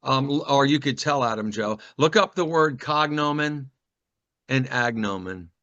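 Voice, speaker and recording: A man's voice: mid-range voice, lively intonation, a little slow, fairly bright tone. A man moderating a group discussion, insistent and repeating himself to make a point, on a dull lo-fi call. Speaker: discussion host.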